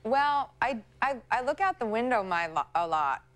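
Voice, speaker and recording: A woman's voice: a little high, lively intonation, moderate pace. A young woman chatting as a guest on a talk show, giggly and rambling, recorded from a studio broadcast. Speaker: guest actress. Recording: VHS transfer with noise.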